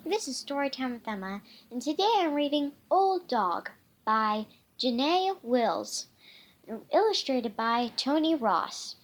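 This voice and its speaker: Slow-reading woman storytime host. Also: sits high, sing-song. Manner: halting, self-correcting, restarts words. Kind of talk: reading a picture book aloud.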